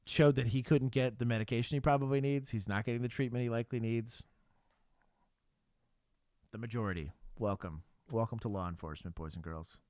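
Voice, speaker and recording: A man's voice: mid-range voice, fairly quick, a little mellow, dry recording. A man in his thirties, a former police officer co-hosting a livestream, telling stories bluntly with swearing and frequent laughter. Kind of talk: casual livestream chat.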